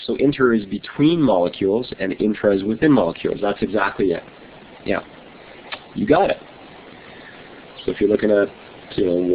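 A man's voice: lowish voice, a little hiss or hum. A middle-aged man teaching a chemistry lesson to an online class, friendly and chatty, reading his notes aloud. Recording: tinny phone-like online class audio.

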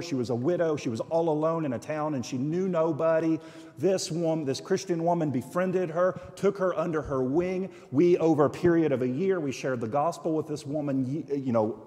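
Male preacher, storytelling sermon, repeats phrases, fairly high voice, long church reverb. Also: dark tone. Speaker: guest preacher and missionary. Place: church sanctuary.

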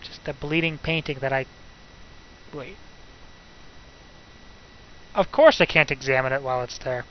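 A man's voice: mid-range voice, unhurried, long pauses, muffled recording, a little hiss or hum. A young man doing let's play commentary, ranting and muttering to himself in frustration as he swears at the game.

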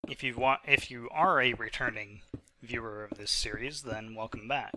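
Medium in pitch and normal in speed, his voice sounds pushed and bright, with slight background noise. He's a sick, hiccuping twenty-five-year-old gaming host rambling casually over his own post-recorded footage, using lots of fillers.

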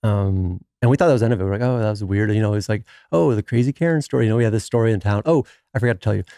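A man, talking fast in a low, mellow voice. He tells a long story in casual conversation and acts out every quoted line. The sound is close and dry. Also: no echo. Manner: animated storyteller who acts out quoted dialogue. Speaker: podcast guest.

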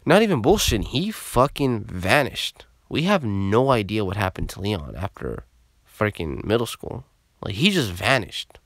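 A young man telling a story in a casual vlog, animated and heavy on swearing. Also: mid-range voice, no echo, clean studio sound.

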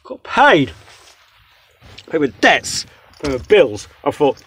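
A man in his twenties rants through a takeaway review, swearing nonstop. His pitch sits a touch high and swings widely as he rambles. He's recorded indoors on a phone held close. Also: sing-song, slow pace, pauses often, fairly bright tone, husky. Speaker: vlogger reviewing takeaway food. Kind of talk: casual ranting food review.

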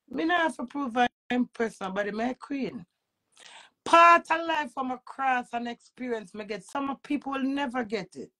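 A woman with a Jamaican accent ranting to camera as a social media personality, emphatic and preachy, swinging between loud outbursts and low muttering. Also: gravelly.

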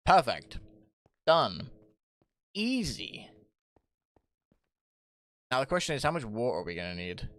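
A young male streamer chatting loosely over his gameplay, his voice leaping up and down in pitch as he jokes at his own expense and swears freely. He laughs loudly and often between lines. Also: very animated, unhurried, long pauses, dry recording. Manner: jokey, self-mocking, swears a lot, bursts into loud laughs. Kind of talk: casual live-stream chat, reading chat aloud.

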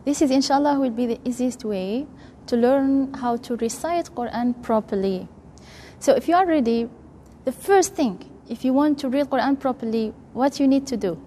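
A woman's voice: high voice, normal speed, warm tone. A woman teaching Quran recitation and letter pronunciation, speaking in a patient, step-by-step way and repeating each sound for practice. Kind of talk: slow instructional lesson with demonstrations. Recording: faint room noise, long reverb.

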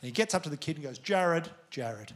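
An Australian man doing stand-up on a live stage, his voice sitting slightly high for a man. He tells crude stories in a loose, chatty way. The crowd's laughter and noise come through clearly around him. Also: expressive, racing. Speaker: stand-up comedian. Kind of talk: stand-up comedy set. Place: comedy venue stage. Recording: live venue with audience noise. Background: audience laughter.

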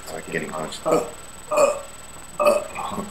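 A man's voice: very deep voice, very animated, slow, reverberant, faint music behind, poor audio. A man, an English teacher, casually walking through a lesson plan and repeating vowel sounds as a drill.

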